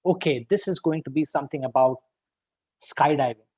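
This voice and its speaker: A man giving an upbeat, encouraging evaluation of a speech at an online club meeting, stressing words and pausing for effect. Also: fairly high pitch, darkish tone, slightly rough, no echo, rough recording.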